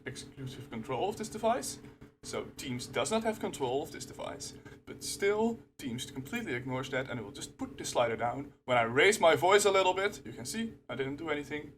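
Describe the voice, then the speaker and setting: A man making a casual screen-recorded rant about a software bug, growing louder and more emotional as he talks into his desktop microphone. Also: medium pitch, noisy background. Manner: frustrated, grows louder and emotional. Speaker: software user ranting. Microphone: desktop computer microphone.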